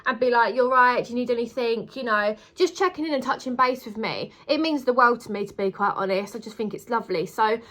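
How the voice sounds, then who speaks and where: A woman's voice: a little high, brisk, few pauses, fairly bright tone. A young woman chatting casually to camera, gushing and emotional, repeating words for emphasis. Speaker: vlogger.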